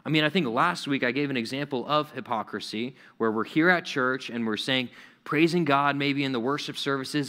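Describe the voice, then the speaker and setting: A man's voice: mid-range voice, normal speed, sharp tone, clear, resonant tone. A young adult man preaching a conversational sermon to young people, acting out little quoted voices as he goes.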